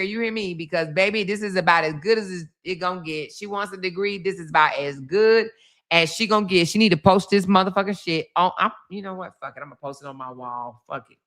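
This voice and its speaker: Brash, bright-voiced woman livestreamer. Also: lowish voice. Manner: loud, mocking, laughing, swears a lot. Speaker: livestream commentary host. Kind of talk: profane comedic livestream commentary.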